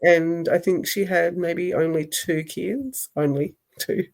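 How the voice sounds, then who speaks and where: A woman co-hosting a casual podcast, reflective and quick to laugh. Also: fairly low pitch, steady tone, gravelly, darkish tone. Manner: slow, reflective, laughs often. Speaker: podcast co-host. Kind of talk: casual chat.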